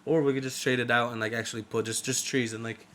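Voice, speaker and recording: A man's voice: medium pitch, fairly even intonation, quick pace, fairly bright tone, a little hiss or hum. Rambling young man, casual podcast chat. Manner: rambling, loose, swears a lot. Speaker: podcast co-host.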